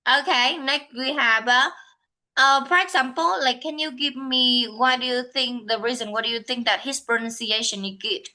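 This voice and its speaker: A woman with a Vietnamese accent tutoring English in an online one-on-one lesson, speaking slowly, repeating herself and correcting her own words. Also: sits high, steady tone, bright, forceful tone, rough recording.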